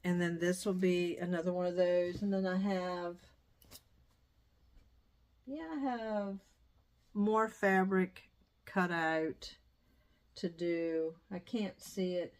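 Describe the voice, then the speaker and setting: A woman's voice: lowish voice, fairly even intonation, takes it slowly, long pauses, a little mellow. Chatty, digressive middle-aged woman vlogger. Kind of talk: casual chat. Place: dining room used as sewing room.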